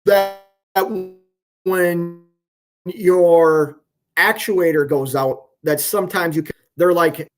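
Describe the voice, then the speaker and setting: A man trucker chatting casually on a live stream from a hotel room, talking in slow, halting phrases with frequent restarts. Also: a little high, fairly even intonation. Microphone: phone on hotel wifi.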